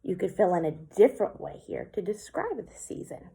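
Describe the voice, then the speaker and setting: A woman teacher giving a slow, clear poetry lesson for children, sounding out words syllable by syllable. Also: mid-range voice, very animated, dark tone.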